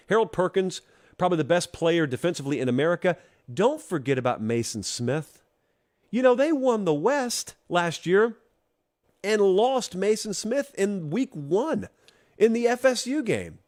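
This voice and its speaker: With a slightly mellow voice on the high side, a Georgia man hosts a college football talk show. He addresses fans directly with opinionated commentary, wry, teasing and emphatic.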